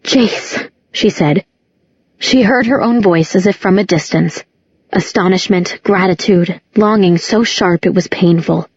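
A woman narrating a novel aloud as an audiobook narrator, in a measured, even reading. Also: fairly low pitch, husky. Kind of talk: scripted narration. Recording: dull lo-fi audiobook recording.

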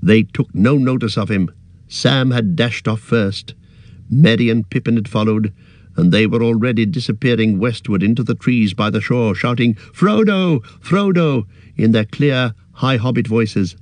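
Brief: male narrator, measured storytelling, low voice, dry close sound. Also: fairly even intonation, a little mellow, no room sound. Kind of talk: audiobook narration.

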